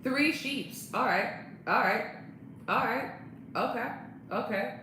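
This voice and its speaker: Young woman, bubbly casual live-stream chat, bright tone, very echoey room. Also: a little high, takes it slowly, pauses often, slight background noise. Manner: bubbly, chatty, laughs often. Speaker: livestreamer chatting with viewers.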